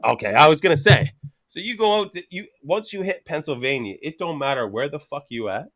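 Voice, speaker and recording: Speaking a little high and a little fast, a Canadian man in his thirties tells a story as a podcast guest. The chat is casual and animated, full of constant swearing, laughter breaking into his sentences, and acted-out quotes.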